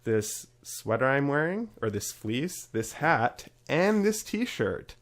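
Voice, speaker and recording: Guy hosting a podcast, chatty, upbeat, mid-pitched voice. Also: very animated, slow pace. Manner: chatty, upbeat promo delivery. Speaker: podcast host. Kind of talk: casual podcast chat.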